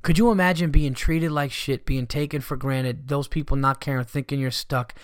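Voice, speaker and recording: Profane New comic talking on a dry mic. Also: male voice, mid-range voice, fairly even intonation, moderate pace, no echo. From New York. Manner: profane, blunt storyteller who rants and riffs. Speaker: stand-up comedian and podcast host. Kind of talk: casual solo podcast monologue.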